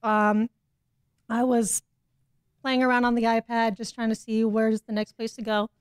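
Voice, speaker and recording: Lively higher-pitched woman telling field stories. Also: unhurried, smooth, dry recording. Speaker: guest. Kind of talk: casual storytelling.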